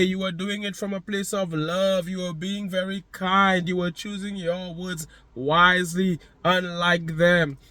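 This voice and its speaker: Slow, emphatic high-voiced man. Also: fairly bright tone, no room sound. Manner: slow, emphatic, addresses the listener directly with repeated phrases. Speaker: motivational speaker. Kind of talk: motivational monologue.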